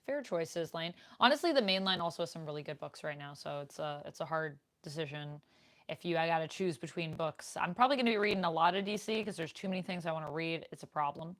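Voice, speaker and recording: A woman's voice: deep voice, lively intonation, fast talker. A young woman streamer chatting casually with her viewers in a live Q&A, reading out their comments as she goes. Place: home room, indoors. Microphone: desk microphone.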